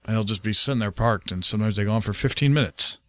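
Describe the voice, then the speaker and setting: A man's voice: on the low side, fast, fairly bright tone, no echo. A man hosting a podcast, telling wry anecdotes in casual chat. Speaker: podcast host.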